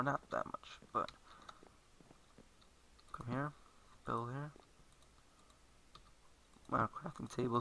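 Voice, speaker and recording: A man's voice: mid-range voice, gravelly, bright, forceful tone, a little hiss or hum, rough recording. A man giving casual let's-play commentary, rambling and correcting himself as he plays at a computer. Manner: rambling, self-correcting, talks while playing. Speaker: gameplay commentator.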